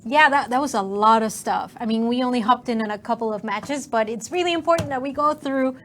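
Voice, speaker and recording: A woman's voice: on the high side, fairly quick, a bit bright, a little hiss or hum. A woman co-hosting a game stream in casual, upbeat chat.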